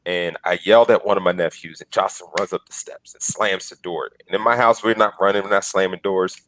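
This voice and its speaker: A man's voice: low voice, fairly even intonation, fast, fairly bright tone, poor audio. A man in his forties on a podcast panel, telling earnest stories and acting out the lines he quotes. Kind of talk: casual panel discussion.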